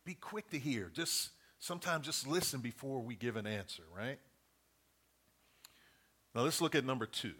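A middle-aged man delivers a sermon in an earnest, conversational way. He counts through his points and repeats each key phrase for emphasis. His voice sits in an ordinary middle pitch. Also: fairly bright tone, breathy edge. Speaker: preacher.

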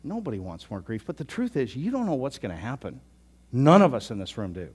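A pastor in his sixties telling a story in a sermon, chatty, often repeating himself and dropping to a soft voice. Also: mid-range voice, sing-song, brisk, slightly rough. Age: 60s. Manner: conversational, repeats words, drops to soft tones.

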